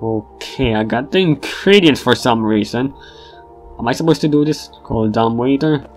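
A man's voice: medium pitch, normal speed, faint music behind. A man giving casual game commentary, with wry remarks and chuckles as he plays. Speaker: gamer.

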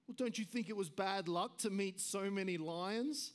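A man's voice: high voice, moderate pace, natural voice. A man reading as a frightened lonely boy. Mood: anxious. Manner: anxious, pleading.

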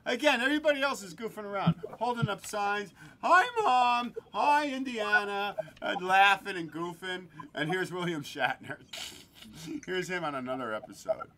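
A man's voice: high-pitched, normal speed, pushed and bright, slight background noise. A man hosting a podcast in a crude, joking casual chat, laughing often. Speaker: podcast host.

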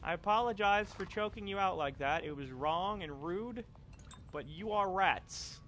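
A young man commentates his own let's play in a bright, lively voice, a little higher than most men's, with wide swings in pitch. He talks casually, swears readily and erupts into excited shouts when he gets caught. Faint background noise lies beneath his voice.

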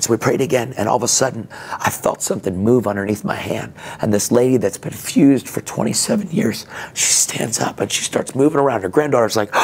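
A man's voice: medium pitch, brisk, slightly rough. A man telling a dramatic testimony in a church sermon, speaking casually with "man" and "dude" and acting out the other people's voices. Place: church sanctuary.

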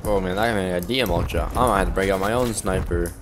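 A man's voice: low voice, fast talker, background noise. A man casually commentating his own shooter gameplay, swearing and mocking himself. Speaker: gamer. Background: game music and gunfire.

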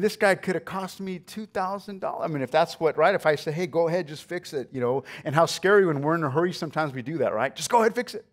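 A man with a notably high voice for a male, preaching a sermon. He talks like he is telling a story to friends, tossing in "right?" and "okay?" to keep the listeners with him. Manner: conversational storytelling, often asking "right?" and "okay?". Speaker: pastor.

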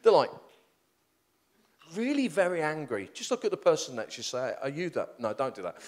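A middle-aged preacher telling stories from the pulpit, his voice pitched a touch high and swooping all over. He rambles, restarts and pokes fun at himself as he goes. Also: a little fast, slight background noise. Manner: animated, self-deprecating, rambling with restarts. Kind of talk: storytelling sermon.

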